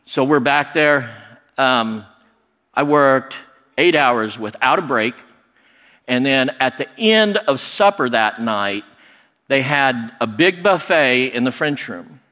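A middle-aged man telling a personal story in a lively, animated way, acting out other people's lines. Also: mid-range voice, takes it slowly. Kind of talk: personal story told to an audience. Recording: long hall reverb.

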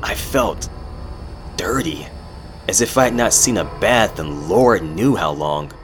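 A man narrating a horror story in a measured, dramatic storytelling style, over background music. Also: low voice, expressive. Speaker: narrator and host. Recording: music playing underneath.

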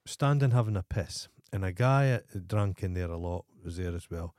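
A man's voice: sits low, animated, normal speed, darkish tone, no echo, studio quality. Blunt, sweary Scottish man. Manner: blunt, profane storytelling. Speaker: podcast co-host. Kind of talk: casual podcast chat.

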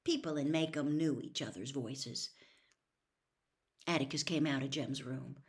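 A woman reading a novel aloud in a slow, measured, hushed storytelling voice. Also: rumbling low. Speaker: story reader.

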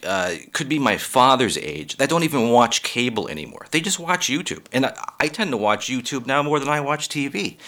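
Bright-voiced, swearing male comic. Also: mid-range voice. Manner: rambling, profane, laughs at own jokes. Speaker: comedian. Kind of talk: profane comedic monologue.

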